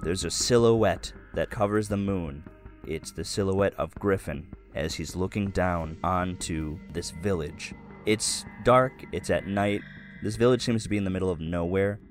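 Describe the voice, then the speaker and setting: A man's voice: low-pitched, unhurried, soft background music. A man narrating as game master, describing scenes loosely and improvising as he goes.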